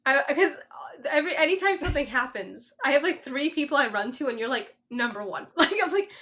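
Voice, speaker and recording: A woman's voice: high voice, animated, bright, forceful tone. A young woman co-hosting a podcast, chatting casually and emphatically about a book. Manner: emphatic, quick to agree. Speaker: podcast co-host.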